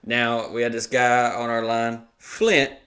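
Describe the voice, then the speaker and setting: A man's voice: medium pitch, level tone, takes it slowly, a bit bright. Laughing, swearing podcast storyteller man. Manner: profane storyteller, laughs often, acts out quotes. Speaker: podcast co-host. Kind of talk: casual podcast chat.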